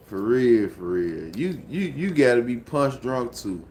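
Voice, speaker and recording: A man's voice: medium pitch, sing-song, a little slow, few pauses, darkish tone. A man with a Memphis accent chatting casually on a phone livestream at home, sleepy and laid-back, with a repetitive, mumbled drawl. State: sleepy, just woke up.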